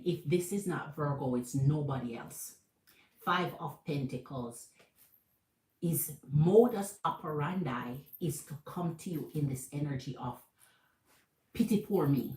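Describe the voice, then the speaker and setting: Jamaican woman tarot reader, low voice, echoey room, lively and repetitive. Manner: animated, repeats phrases, calls viewers Queen. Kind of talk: live tarot reading to viewers.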